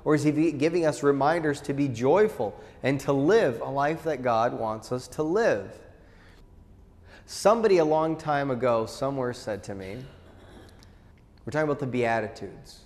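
A man's voice: mid-range voice, moderate pace, a little mellow. A man preaching a conversational sermon as pastor, asking questions and acting out quotes in a casual way. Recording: long hall reverb.

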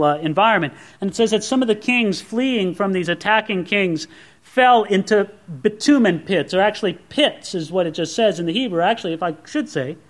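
Male pastor, high voice, earnest teaching sermon delivery. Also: a bit bright. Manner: earnest teaching, repeats words for emphasis. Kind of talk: expository sermon.

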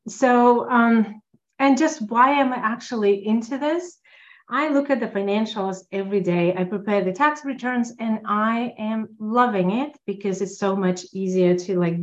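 A woman guest on a podcast, chatting enthusiastically and telling animated stories. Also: medium pitch, lo-fi sound. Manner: enthusiastic, upbeat, animated storytelling. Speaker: podcast guest, tax accountant. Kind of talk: casual interview talk.

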